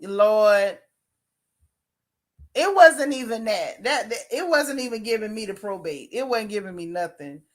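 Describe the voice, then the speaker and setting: A woman giving sassy, animated gossip commentary as a YouTube host. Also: mid-range voice, measured pace.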